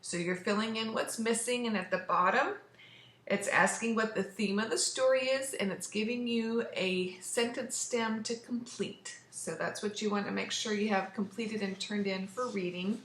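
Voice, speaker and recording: A woman's voice: mid-range voice, normal speed, fairly bright tone. A woman teacher giving remote class instructions, patiently explaining step by step. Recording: roomy echo.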